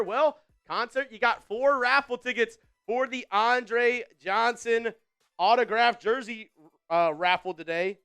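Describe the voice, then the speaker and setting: A man's voice: extremely high pitch, a little slow, sharp tone, smooth. A man hosting a live football watch party in upbeat, casual chat, reading out viewer comments with frequent fillers and repeated phrases.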